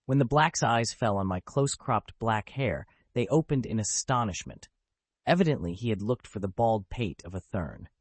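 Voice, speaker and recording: A man narrating an audiobook in a low voice that rises and falls with lively expression. His delivery is measured and deliberate, and he is recorded close on the mic in a dry space. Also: no room sound.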